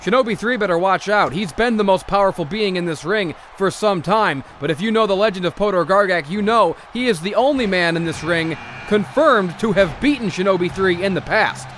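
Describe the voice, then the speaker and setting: Bright, high melodramatic male commentator. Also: fairly quick, slight background noise. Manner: melodramatic, outraged rants. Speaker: mock wrestling commentator. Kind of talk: comedic play-by-play commentary.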